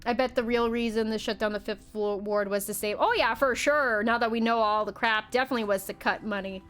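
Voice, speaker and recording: A woman streamer giving live commentary on a story game, excitable and swearing freely as she reads and reacts. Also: fairly high pitch, a little fast, soft background music. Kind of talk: live game commentary, reading dialogue aloud.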